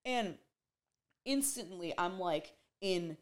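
Young female vlogger, slightly low voice, emotional and rambling delivery, casual to-camera storytelling. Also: steady tone, normal speed. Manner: rambling and emotional, heavy use of "like".

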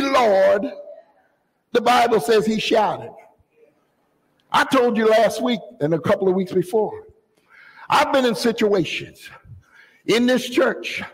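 A pastor preaching a fervent sermon, often rising to a shout and dropping into joking asides. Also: male voice, very high-pitched, husky, big-room sound, low-quality recording. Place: church sanctuary.

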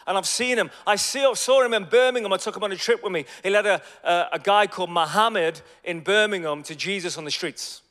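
Male preacher, energetic storytelling sermon, slightly high voice, reverberant hall. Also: brisk, hardly any pauses. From Ireland. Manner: energetic, conversational, swings from loud to hushed.

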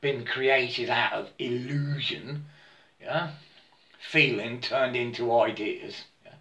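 A man's voice: mid-range voice, bright, forceful tone. A man talking in a rambling spiritual monologue, stammering, repeating himself and often checking in with his listener. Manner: halting and repetitive, stammers and keeps asking "yeah?". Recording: roomy echo.

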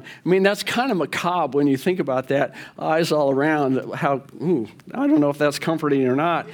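A man leading a Bible study in a conversational way, often checking in with his listeners and asking them questions. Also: on the high side. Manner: informal, with fillers and self-corrections.

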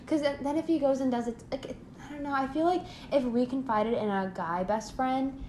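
A woman's voice: high voice, brisk, mellow. A young woman in casual chat who rambles and restarts her thoughts often. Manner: hesitant, rambling, many restarts. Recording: echoey room with faint background noise.

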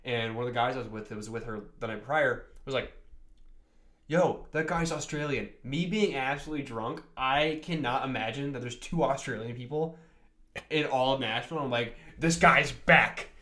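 A man's voice: mid-range voice, fairly quick, roomy sound. A young man telling a rambling party story on a casual podcast, laughing often and tripping over his words. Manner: animated, laughing, swearing, many restarts. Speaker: podcast co-host.

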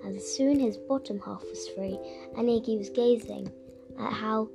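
A woman's voice: on the high side, measured pace, creaky. Playful woman reading a children's story. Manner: expressive, playful. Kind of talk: children's audiobook narration. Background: music.

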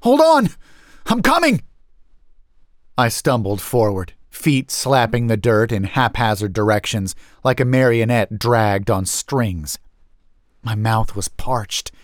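Slow, low-voiced male horror narrator. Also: no room sound, clean studio sound. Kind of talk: first-person horror narration.

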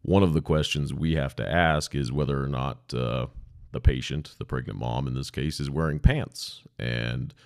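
A man's voice: a bass voice, steady tone, moderate pace, creaky, no echo, clean studio sound. A man, a podcast host, telling a story about his old job in a candid, casual way with frank swearing. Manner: candid, profane, conversational. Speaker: podcast host, former 911 dispatcher.

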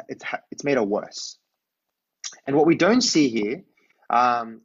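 A man of middle pitch preaches in a relaxed, conversational way. He retells the story vividly and keeps checking in with "right?" The recording sounds somewhat dull and lo-fi. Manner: storytelling, asks listeners to imagine, often adds "right?". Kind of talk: conversational sermon.

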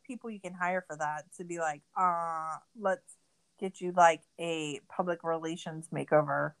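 A woman in her thirties co-hosts a podcast, recapping a documentary in a sarcastic, exasperated, swear-heavy rant during casual chat. Her voice is mid-range and bright with a forceful tone, and the recording is rough.

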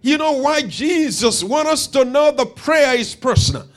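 A man preaches with a strikingly high, lively voice that climbs and falls across each phrase. He takes his time, repeating key words and building to emphatic shouts. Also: measured pace. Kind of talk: sermon.

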